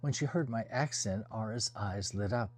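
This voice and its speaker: A man reading a first-person novel aloud as an audiobook, in a measured, descriptive storytelling manner. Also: on the low side. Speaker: audiobook reader.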